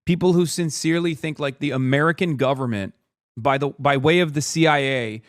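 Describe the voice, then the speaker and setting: A man's voice: on the high side, brisk, no echo, clean studio sound. A man ranting on a livestream, profane, exasperated and mocking as he fires off commentary. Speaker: streamer. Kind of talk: heated livestream commentary rant.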